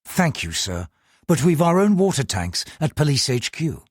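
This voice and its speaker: A man reads a calm, secretive police chief, measured and deferential. The voice is a little husky and very dry. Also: a little high, dry recording.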